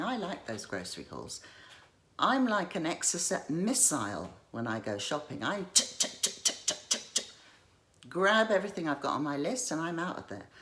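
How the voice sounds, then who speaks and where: A woman chatting to her viewers in a self-deprecating vlog monologue. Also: low-pitched. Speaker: YouTube haul vlogger.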